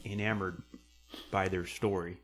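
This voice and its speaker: A young man telling stories in casual conversation, rambling with many fillers and acting out quotes loudly. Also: low-pitched, level tone, a little slow, soft background music.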